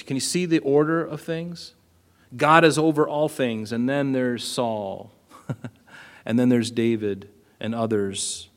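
A man preaching a sermon in a conversational way, asking his listeners questions and acting out the lines he quotes. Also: medium pitch. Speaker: pastor.

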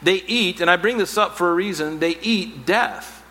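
A male pastor preaching a sermon, animated, with playful asides and self-mocking humor. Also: high voice, moderate pace, in a large hall.

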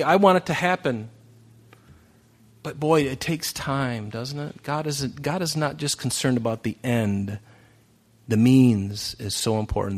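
A man preaching a sermon in a conversational way. He swings from emphatic, raised passages to soft, quiet asides. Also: medium pitch. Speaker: pastor.

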